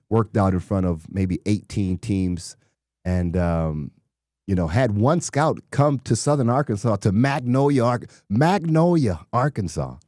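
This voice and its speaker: Deep-voiced man telling stories. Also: dry recording, clean studio sound. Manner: animated storyteller, acts out quotes. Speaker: former pro football player, guest. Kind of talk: conversational interview storytelling.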